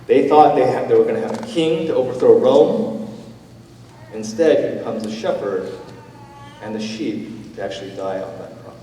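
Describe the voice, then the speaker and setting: A man preaching a sermon as pastor, with a conversational, gentle manner and casual fillers. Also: mid-range voice, expressive, moderate pace, slight background noise. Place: church sanctuary. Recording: roomy church hall, from a distance.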